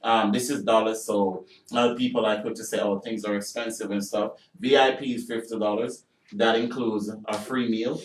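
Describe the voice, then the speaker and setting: A man's voice: fairly low pitch, steady tone, moderate pace. Jamaican male actor, chatty radio guest, roomy sound, distant mic. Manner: loose, talkative, many "you know" fillers. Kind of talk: casual radio interview chat. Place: radio studio.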